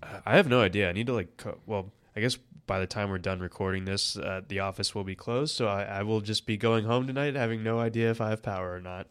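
Man, stuffy-nosed, podcast co-host, casual banter, slightly low voice. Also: quick pace, hardly any pauses, a bit bright, clean tone, no room sound. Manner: laughing, self-deprecating banter. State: congested, stuffy nose. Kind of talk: casual sports podcast chat.

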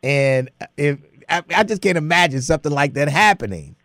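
A male radio host spins a story in an animated, chatty way, breaking into laughter as he goes. His voice sits a little high, and the studio sound is dry and close. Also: moderate pace, no room sound. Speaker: radio talk show host. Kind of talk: casual talk radio chat.

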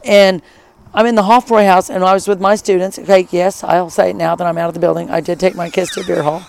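A middle-aged former high school teacher telling a travel story in casual chat, lively and enthusiastic, with many asides. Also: fast talker, vocal fry, slight background noise.

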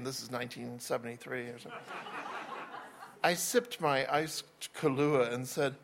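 A man's voice: on the high side, expressive, moderate pace, fairly bright tone, a little hiss or hum. A man reading a first-person novel aloud in a wry voice, with small slips and restarts. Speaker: narrator.

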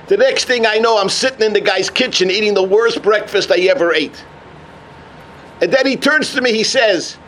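A man giving a sermon as a rabbi, telling a story with animated energy. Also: high-pitched, moderate pace, slight background noise. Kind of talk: sermon on the weekly portion.

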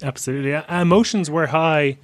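A man's voice: on the high side, fairly quick, slight background noise. Easygoing man hosting a podcast. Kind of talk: casual chat.

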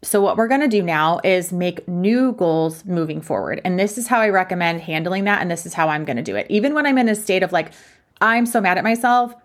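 A young woman hosting her own podcast as a fitness coach, talking frankly and chattily, poking fun at herself. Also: fairly low pitch. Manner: frank, chatty, self-deprecating. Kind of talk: candid solo podcast talk.

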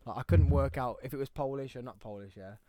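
A man's voice: medium pitch, fast, dark tone, no room sound, clean studio sound. A young man bantering and swearing through a casual watch-along chat with a friend, laughing a lot. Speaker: co-host. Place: small warm room.

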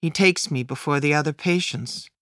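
A woman narrating a first-person memoir as an audiobook, in a measured, plain storytelling manner. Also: deep voice, a bit bright, no room sound, clean studio sound.

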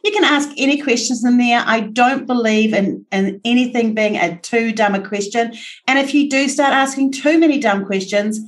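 A woman with a New Zealand accent hosting a casual podcast interview, bubbly and quick to laugh. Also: on the high side. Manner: chatty and bubbly, laughs often. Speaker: podcast host.

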